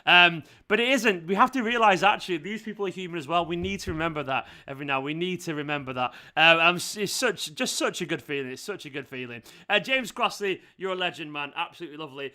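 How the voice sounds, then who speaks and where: High, bright-voiced young man. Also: fast talker, hardly any pauses. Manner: gushing, heartfelt, rambling. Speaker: fan channel host. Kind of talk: emotional live stream chat.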